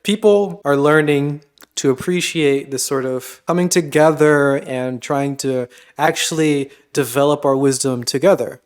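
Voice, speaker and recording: A man's voice: a little high, unhurried. A man commenting on a clip during a live stream, joking and mock-exasperated.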